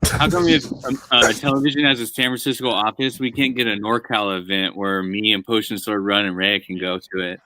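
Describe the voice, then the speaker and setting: A man's voice: on the low side, flat delivery, fairly quick, hardly any pauses, pushed and bright, rough recording. A man chatting casually on a gaming talk show, jokey and talking between bites. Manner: chatty, jokey, talks while eating. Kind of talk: casual chat.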